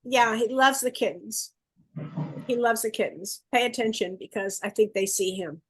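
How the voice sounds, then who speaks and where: A woman giving a psychic gallery reading over a video call, coaxing and relaying messages in quick bursts. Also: fairly high pitch, a bit bright, husky. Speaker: psychic medium. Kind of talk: live online gallery reading.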